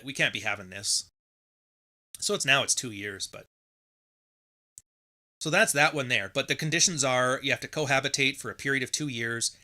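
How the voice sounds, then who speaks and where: A middle-aged podcast host from Canada ranting in a loose, sarcastic way, swearing and mocking the people he quotes. His voice is sharp and forceful, with a very bright edge. He sits at a middle pitch for a man. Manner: sarcastic, blunt, swears freely, acts out quotes. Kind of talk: casual podcast rant.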